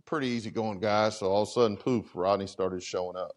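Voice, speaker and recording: A middle-aged man, a fire chief, telling a story to a conference audience in a casual, conversational way. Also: brisk. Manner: animated, conversational, acts out dialogue with big pitch swings. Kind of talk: storytelling keynote talk. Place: conference presentation room.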